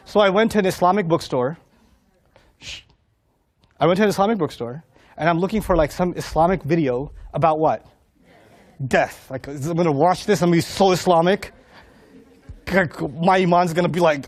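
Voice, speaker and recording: A middle-aged man speaker telling a humorous, self-mocking story in an animated way, acting out the voices of other people. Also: sits high, normal speed. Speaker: Islamic speaker.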